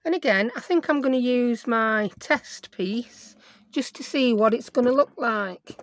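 A woman hosting a crafting tutorial, her voice croaky, chatting and thinking aloud as she works at her craft desk at home. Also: fairly high pitch, a little slow. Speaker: craft video host.

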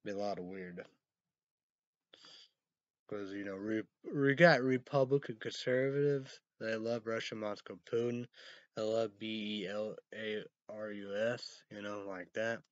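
A man vlogging in a rambling casual monologue, spelling words out letter by letter and breaking into high excited outbursts. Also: measured pace, no room sound. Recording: dull lo-fi sound.

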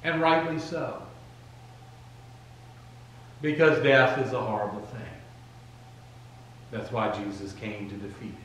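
A man's voice: medium pitch, steady tone, measured pace, pauses often, fairly bright tone, very echoey, a little hiss or hum, poor audio. A man preaching a sermon as pastor, in a conversational, emphatic manner, retelling scenes in his own casual words. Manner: conversational, emphatic, voicing Bible figures casually. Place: church sanctuary.

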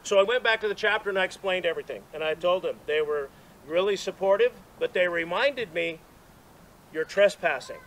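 A man's voice: high voice, a little fast, fairly bright tone, a little hiss or hum, rough recording. A man giving a rambling, self-deprecating story as a speech at an outdoor dedication, with restarts and laughs. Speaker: speaker at monument dedication. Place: outdoors at a gathering.

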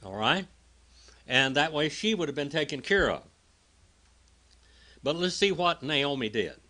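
A man's voice: on the high side, big pitch swings, unhurried, pushed and bright. A man preaching a sermon, reading Bible passages aloud and explaining them in a conversational, teaching manner. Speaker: pastor.

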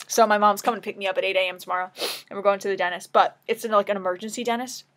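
A woman's voice: medium pitch, steady tone, rapid-fire. A tearful woman talking anxiously in a casual confessional vlog, rambling and emotional, at times dropping to a whisper. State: tearful, crying. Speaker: vlogger.

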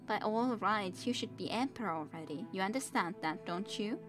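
A woman's voice: medium pitch, expressive, normal speed, music in the background, natural voice. A woman voicing a cold, ambitious queen mother in a fantasy storybook reading, speaking in a haughty, cutting way. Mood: scheming.

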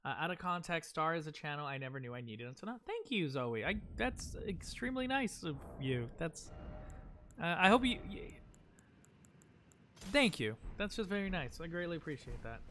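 A bright, high-pitched young man commenting on his game live over a desk mic. He chatters excitably, coaches himself out loud and stops to thank viewers in chat. A faint hiss of room noise sits under his voice. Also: moderate pace. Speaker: gaming livestreamer.

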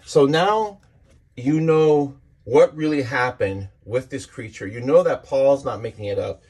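A man with a husky, somewhat breathy voice in a middle register talks through a comic book page by page. He is eager and rambling, and he often trips over his words and starts his sentences again. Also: mid-range voice, unhurried, darkish tone. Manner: enthusiastic, rambling with restarts. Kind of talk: casual comic book walkthrough.

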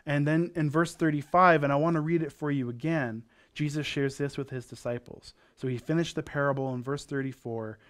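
A man's voice: a little high, steady tone, brisk, few pauses. Casual, conversational male preacher. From Canada. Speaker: pastor. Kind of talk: sermon.

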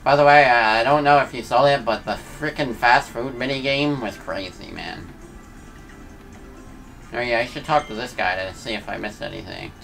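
A man's voice: medium pitch, normal speed, gravelly, a bit bright, faint music behind. A man streaming a video game, chatting casually and joking with his chat as he plays. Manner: laid-back, joking asides to chat. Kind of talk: casual let's-play commentary.

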